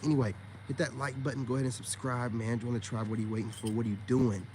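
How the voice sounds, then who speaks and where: A man's voice: mid-range voice, flat delivery, fast talker, a little mellow, slight background noise. Blunt, profane man ranting on a livestream. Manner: blunt and profane, addresses viewers directly; filler-heavy, repeats "man" and "you know what I'm saying". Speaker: online self-help streamer. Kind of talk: casual livestream rant.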